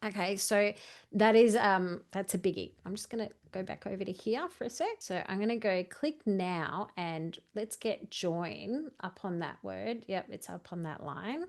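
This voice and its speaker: A woman's voice: medium pitch, lively intonation, moderate pace. A woman coaching a video editing tutorial, chatty and walking through each step while correcting herself as she goes. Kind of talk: screen-share editing tutorial.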